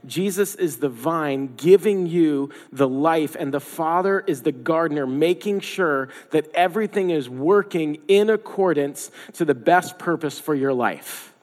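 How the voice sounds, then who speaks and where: Male pastor, sermon, conversational and emphatic, fairly high voice, long hall reverb. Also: measured pace, few pauses, darkish tone. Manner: conversational, emphatic, repeats phrases for stress.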